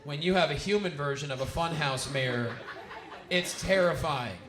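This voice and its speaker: A man's voice: a little high, normal speed, noisy background. A man telling a loose, chatty stand-up comedy story, full of "like" and asides. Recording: echoey room.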